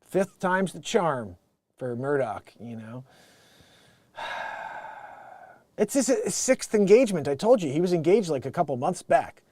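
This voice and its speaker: Man, high-pitched, swinging intonation, dry close sound, rambling jokey news commentary. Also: very animated, measured pace, long pauses, warm tone, no echo. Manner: rambling, jokey, keeps laughing at his own bits. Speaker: talk show host.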